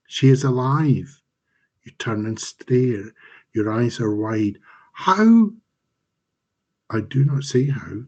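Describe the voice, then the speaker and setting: Husky man reading a dark tale. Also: mid-range voice. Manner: slow, measured dramatic reading. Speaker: author. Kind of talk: reading fiction aloud. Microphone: home mic on a live stream.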